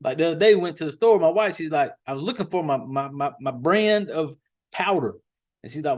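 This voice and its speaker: A man's voice: fairly high pitch, expressive, brisk, darkish tone. A man hosting a podcast, rambling casually and profanely, with drawled slang. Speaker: podcast host.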